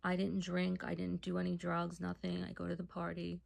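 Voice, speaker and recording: Woman telling her story kinda hushed, almost whispering, super gravelly fry, lowish voice. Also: completely flat delivery, normal speed. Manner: hushed, often dropping to a near whisper. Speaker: person giving a personal testimony. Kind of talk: casual first-person storytelling.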